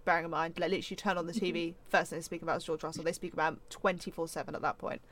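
A young woman from England co-hosting a casual podcast chat, telling an excitable story, swearing freely and acting out her own reactions. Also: fairly low pitch, rapid-fire. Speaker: podcast co-host.

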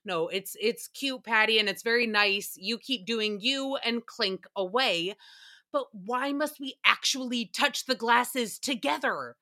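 A woman's voice: a little high, unhurried, bright, forceful tone. A woman hosting a casual solo recap podcast, chatty and sarcastic, often laughing and swearing. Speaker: podcast host.

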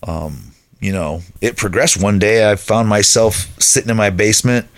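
Low-voiced man telling his life story. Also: normal speed. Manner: conversational storyteller, acts out friends' voices. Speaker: podcast guest.

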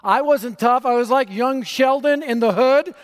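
A man from North Denver giving an energetic, humorous gospel talk on a conference stage, speaking into a stage microphone. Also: very high-pitched, moderate pace. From North Denver, USA. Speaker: evangelist speaker. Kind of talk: gospel message speech. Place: large conference hall stage. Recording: reverberant hall.

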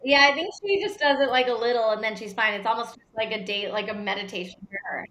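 A woman's voice: on the high side, quick pace, fairly bright tone. A woman as a podcast guest in casual chat, with a chatty, offhand manner.

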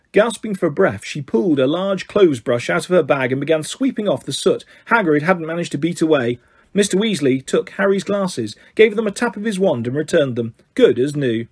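Husky male storybook reader. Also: a little high, expressive, moderate pace, a little mellow. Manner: stumbling over words, self-correcting. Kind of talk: storybook narration.

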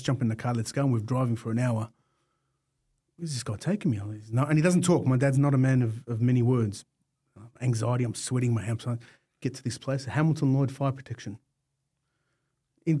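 A man in his forties, a podcast guest who tells stories in a casual, animated way and acts out voices. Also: mid-range voice, fairly quick, breathy edge. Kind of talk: casual storytelling.

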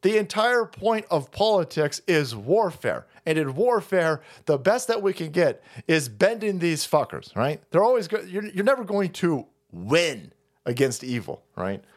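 A man ranting on a livestream, foul-mouthed and excitable, laughing between his remarks. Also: fairly high pitch, measured pace. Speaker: streamer.

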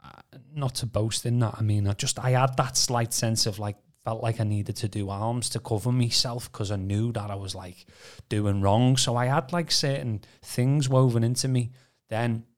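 A man's voice: mid-range voice, fairly even intonation, moderate pace, few pauses. A man telling his story on a podcast in a rambling way, full of restarts and fillers. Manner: rambling, many restarts and "you know" fillers. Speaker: podcast co-host. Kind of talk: casual personal testimony.

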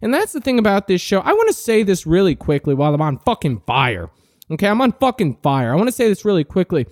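A man's voice: sits high, huge pitch swings, quick pace, darkish tone, no echo, studio quality. A man in his late teens hosting a podcast, delivering a brash, profane, mock-arrogant comic rant. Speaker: podcast host. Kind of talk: comic ranting monologue.

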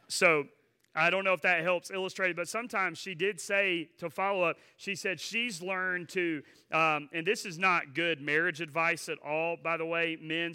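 A man's voice: fairly high pitch, sharp tone, clean tone. A male pastor delivering a sermon, moving between earnest preaching and chatty, humorous asides to the congregation.

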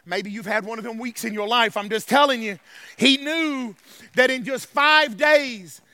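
High, bright-voiced preacher. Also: male voice, a little slow, no room sound. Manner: preaching with shouted bursts and hushed passages; calls to the congregation, y'all. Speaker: pastor. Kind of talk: sermon. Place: church sanctuary.

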